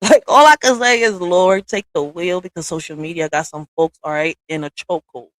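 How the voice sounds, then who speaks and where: Her voice is lowish and she talks a little fast as she rants bluntly and casually to her live stream viewers from home, cursing and tossing in slangy asides. There's no echo, and the mic runs through a streaming software setup.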